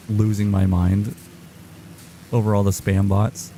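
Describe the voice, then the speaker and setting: A man streaming a game live, chatting casually in a rambling, halting way. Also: lowish voice, level tone, mellow, faint music behind. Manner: rambling, halting, with many restarts and fillers.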